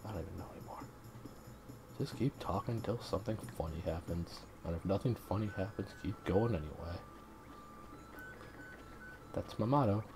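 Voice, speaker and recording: A man's voice: sits low, vocal fry, noisy background. A man hosting a let's play, rambling through self-mocking jokes while game music plays.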